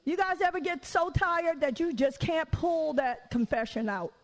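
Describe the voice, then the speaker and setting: A woman preaching a candid, conversational sermon, lively and laughing, with frequent rhetorical questions to the congregation. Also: high voice, moderate pace, few pauses, in a large hall, poor audio.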